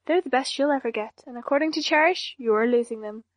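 A young villainess with no emotion in her voice, every threat delivered in a flat deadpan, as a woman reads her in an audiobook. The voice sits fairly high, recorded close and dry. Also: brisk, dry recording, natural voice. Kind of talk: audiobook character voice.

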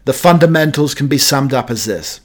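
A man's voice: medium pitch, lively intonation, moderate pace. Meandering British-born radio host, man. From Britain. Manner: meandering, hesitant with many fillers, playful asides. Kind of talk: chatty radio monologue.

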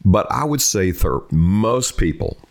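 A man's voice: lowish voice, very animated, a little slow. A middle-aged man, a true crime reporter telling stories in an interview and acting out the voices he quotes. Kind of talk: storytelling in an interview.

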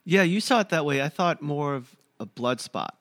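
A man co-hosting a casual podcast, talking in a thoughtful, measured way. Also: fairly high pitch, animated, a bit bright, dry recording, studio quality. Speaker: podcast co-host. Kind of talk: casual book and show discussion.

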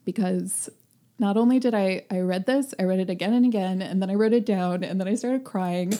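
A young woman co-hosting a casual book discussion. She rambles in an animated way, with many fillers and laughs. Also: medium pitch, a little fast, noisy background. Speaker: podcast co-host.

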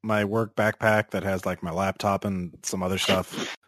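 A man playing a tabletop game, halting and trailing off with many fillers. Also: sits low, level tone, fairly bright tone, no room sound, studio quality. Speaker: player. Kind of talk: tabletop role-play as a player.

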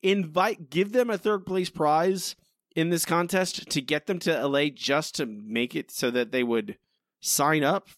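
A man's voice: a little high, unhurried, fairly bright tone, dry recording, clean studio sound. A man co-hosting a podcast, rambling and exasperated, asking why again and again. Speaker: podcast co-host. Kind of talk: casual critical chat.

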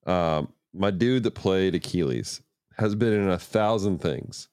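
A man's voice: deep voice, a little slow, a little mellow, clean tone, no room sound, clean studio sound. A man co-hosting a casual movie review podcast, rambling and mocking, full of fillers. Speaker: podcast co-host.

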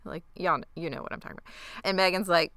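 A woman's voice: lowish voice, fairly even intonation, fast talker, fairly bright tone, smooth, no echo. A woman co-hosting a podcast, recapping a TV episode in a wry, mocking way, close to the mic. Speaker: podcast co-host. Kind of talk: casual TV recap chat.

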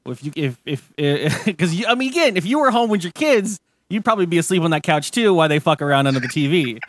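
A man's voice: on the high side, big pitch swings, fast talker, a bit bright, dry recording. A man hosting a podcast, telling a story in a rambling, profane, casual way with many restarts. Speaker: podcast host. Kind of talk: casual chat, retelling a story.

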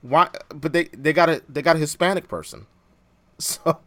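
Male podcast host, bright tone, dry close mic, animated and laughing. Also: fairly high pitch, moderate pace, no room sound. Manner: animated, laughs often, restarts phrases. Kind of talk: casual chat.

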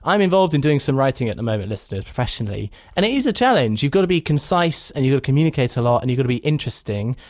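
A man's voice: mid-range voice, sing-song, rapid-fire, few pauses, no echo. Wry joking podcast man, dry sound. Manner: wry and jokey. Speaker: podcast host. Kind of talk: casual chat.

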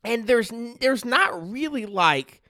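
Animated man ranting about sports. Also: very high-pitched, takes it slowly, no room sound, studio quality. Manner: animated, slangy, peppered with "right?" and "dude"; opinionated, ranting. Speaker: sports commentator. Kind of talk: casual sports talk.

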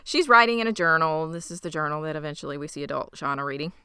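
A woman co-hosting a podcast, retelling a TV episode in a snarky, animated way. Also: sits low, quick pace, a crowd in the background. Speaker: podcast co-host. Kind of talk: casual recap chat.

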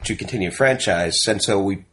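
A man's voice: deep voice, brisk, sharp tone. A man co-hosting a casual movie podcast, asking questions in a hesitant way. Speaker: podcast co-host.

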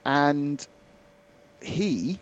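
A man co-presenting a motorsport radio podcast, giving chatty, animated analysis in casual conversation. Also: fairly high pitch, drawn-out words, lo-fi sound.

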